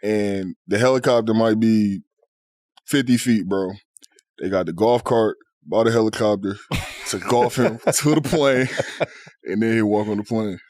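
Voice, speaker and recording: A man's voice: fairly low pitch, unhurried, a little mellow, dry recording, clean studio sound. A man in his thirties as a podcast guest, telling stories in a laid-back, slangy way and laughing often. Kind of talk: casual chat.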